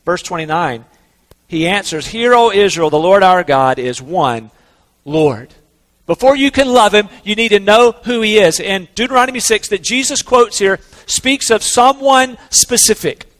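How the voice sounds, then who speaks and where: A man preaching a sermon in an earnest, conversational way, slowing down to stress key words. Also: high-pitched, fairly bright tone, big-room sound. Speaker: pastor.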